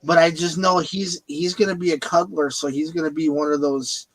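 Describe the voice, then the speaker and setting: A man's voice: on the high side, fairly even intonation, normal speed, no echo, low-quality recording. A man hosting a casual video chat, rambling and repeating his words. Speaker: host. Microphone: video call.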